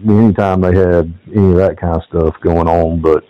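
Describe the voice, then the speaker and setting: Male host, relaxed coach, dull lo-fi recording, deeper voice. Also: normal speed, clear, resonant tone, dry recording. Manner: relaxed, laughs along, tells short anecdotes. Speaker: podcast host, football coach. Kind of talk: casual interview chat. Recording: dull lo-fi dry sound.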